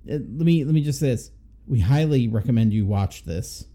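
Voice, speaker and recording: A man's voice: medium pitch, lively intonation, a little fast. A man co-hosting a movie review podcast, agreeing readily and reading a plot synopsis steadily. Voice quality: very dark, mellow voice. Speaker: podcast co-host.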